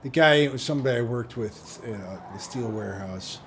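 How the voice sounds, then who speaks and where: Brisk and medium-pitched, a gaming channel host rambles casually while playing, often stopping himself partway through a thought. Race car engines and game sounds sit under his let's-play commentary.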